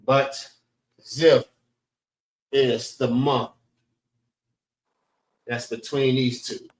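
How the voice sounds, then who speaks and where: A man's voice: medium pitch, little pitch movement, very slow, reverberant, poor audio. A man teaching a class over an online call, talking loosely and checking in with his listeners again and again. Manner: repeats "all right" as a check-in, loose and conversational. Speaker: class instructor. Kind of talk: casual spoken lecture.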